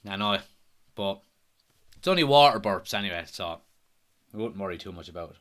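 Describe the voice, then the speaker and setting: A man's voice: on the low side, expressive, brisk, fairly bright tone. An Irish man hosting a live football watchalong stream, chatting casually, reading out viewer comments and answering them. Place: at home.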